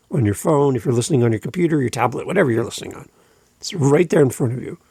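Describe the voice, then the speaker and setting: Earnest gravelly-voiced male podcast host. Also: a little high, warm tone, no echo, studio quality. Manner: earnest, encouraging, repeats himself. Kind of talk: casual solo podcast talk.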